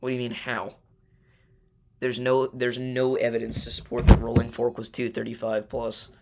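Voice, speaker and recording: Gravelly young man chatting on a livestream. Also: medium pitch, completely flat delivery, moderate pace, noisy background. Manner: loose and chatty, many fillers, argues weather takes. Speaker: livestream host. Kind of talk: casual livestream chat with viewers.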